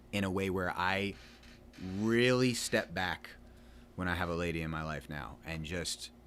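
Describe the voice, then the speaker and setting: A man of about thirty, his voice low and a little bright, rambles casually while playing a game at home as a gaming vlogger. He's loose and talkative, often teasing himself and using lots of fillers. There's a slight background noise.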